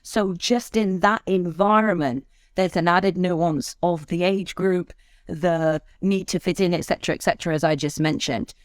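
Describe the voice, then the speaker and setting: An expressive woman speaking as a guest on a podcast, her voice sitting fairly low for a woman. She coaches public speakers and changes her tone freely to make a point. The sound is close and dry. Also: normal speed, no room sound. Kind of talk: conversational interview.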